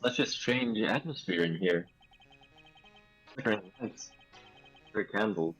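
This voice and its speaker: A man's voice: lowish voice, a little slow, a bit bright, husky, muffled recording, faint music behind. A man playing a game with friends, reading dialogue aloud hesitantly and joking about how to voice characters. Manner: hesitant, self-conscious about doing voices. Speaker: game streamer.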